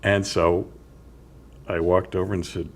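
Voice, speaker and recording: An older man with a very deep, low-pitched voice tells his workplace stories at an easy pace, breaking off now and then to chuckle dryly. He speaks as a guest in a community TV studio, with faint noise in the background. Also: level tone. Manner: unhurried anecdotal storytelling, with dry chuckles. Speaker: author and guest. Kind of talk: storytelling interview.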